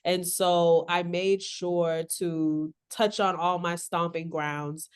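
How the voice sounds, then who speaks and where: Lowish-voiced woman poet from South Florida. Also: level tone, takes it slowly, clean tone. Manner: laughs often, reads with rhythmic spoken-word cadence. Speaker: poet guest. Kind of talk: interview chat and poetry reading.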